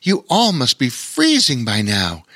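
A man voicing a kind, welcoming female wood elf in a children's story, gentle and hospitable. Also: medium pitch, huge pitch swings, a little slow, no room sound, clean studio sound, exaggerated voice. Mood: friendly. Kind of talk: storybook character voice.

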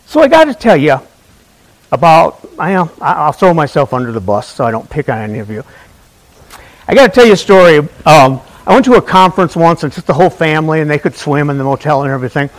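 Lively, high-voiced male preacher. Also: quick pace, poor audio. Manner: conversational, asks the congregation questions; tells a personal story with humor. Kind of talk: Easter sermon.

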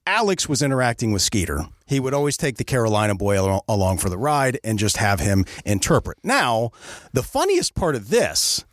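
A man's voice: medium pitch, very animated, a little fast, no room sound, clean studio sound. A man hosting a comedy podcast, telling a story in a conversational way and often checking in with his listeners. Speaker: podcast host.

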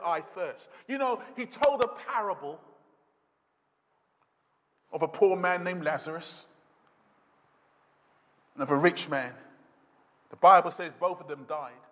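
A man's voice: high voice, a little slow, pauses often, a bit bright, big-room sound. A man preaching a sermon, quoting scripture dramatically with rising intensity. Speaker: pastor.

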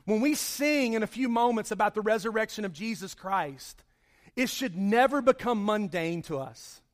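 A man's voice: sits high, expressive, normal speed. A man preaching a sermon to his congregation, telling a story conversationally and then raising his voice with emphasis. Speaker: pastor. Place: church service.

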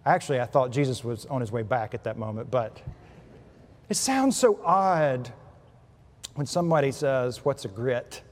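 A man preaching a sermon as pastor, telling a humorous story with lively shifts in loudness and pitch. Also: normal speed, long pauses. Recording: preached in a hall with long reverb.

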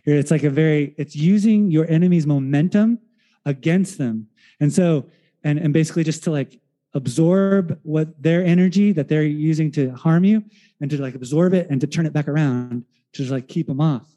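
Casual-sounding male pastor with a warm voice. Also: fairly high pitch, normal speed, muffled recording. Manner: conversational storytelling with fillers, acts out quoted voices. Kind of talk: sermon.

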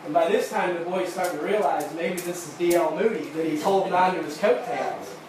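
Male preacher, slightly high voice, halting sermon storytelling, distant mic in a reverberant sanctuary. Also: darkish tone. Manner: halting, repeats words, builds to fervent emphasis. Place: church sanctuary. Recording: echoey room, distant mic, noisy.

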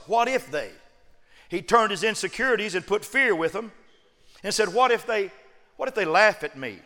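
A man preaching a sermon, joking one moment and shouting emphatic refrains the next. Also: high voice. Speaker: pastor. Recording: long reverb of a large hall.

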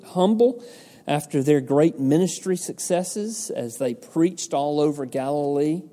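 A man delivers a sermon at an unhurried pace, his voice mellow and warm. He preaches earnestly, putting rhetorical questions to his listeners and answering them himself. His words ring with the long reverb of a large hall. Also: fairly high pitch. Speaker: pastor.

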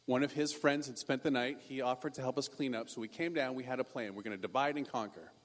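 A pastor telling a personal story in a sermon, animated and self-deprecating. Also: male voice, mid-range voice, quick pace, big-room sound.

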